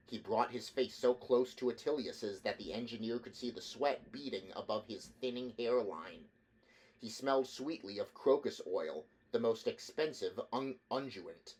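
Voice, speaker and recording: Man, audiobook narration, measured, steady, occasional restarts. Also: lowish voice, breathy edge, rough recording. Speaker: audiobook reader.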